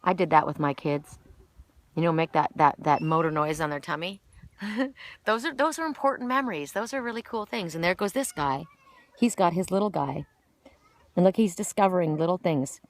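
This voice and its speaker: A woman's voice: lowish voice, moderate pace. A middle-aged woman talking casually outdoors in a spiritual vlog, emotional and rambling with many restarts, choked up and tearful. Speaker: spiritual oracle vlogger. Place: outdoors sitting on a woodchip pile by a park.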